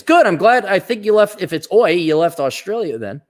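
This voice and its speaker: A man's voice: fairly high pitch, very animated, normal speed, hardly any pauses. A man hosting a casual livestream, reading out viewer donations and giving blunt, rambling opinions with frequent restarts.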